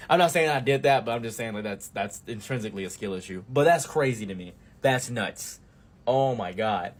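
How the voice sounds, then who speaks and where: A young man tells a story from his own life with a husky, slightly breathy voice. He talks casually and jumps from sudden loud bursts to quiet mumbled asides. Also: medium pitch, animated, normal speed. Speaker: streamer. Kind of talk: storytime commentary.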